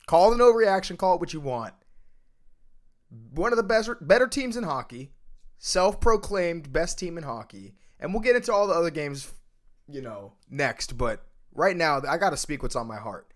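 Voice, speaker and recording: A man hosting a casual sports podcast, ranting emphatically and swinging between loud outbursts and low mutters. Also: very animated, normal speed. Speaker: podcast host.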